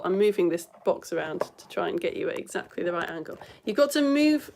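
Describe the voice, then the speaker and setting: An excitable, chatty woman from the United Kingdom hosts a live science show for children, talking straight to her viewers. Her voice sits at a medium pitch. She is recorded on a phone camera indoors at home. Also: fairly quick, slight background noise. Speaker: science presenter.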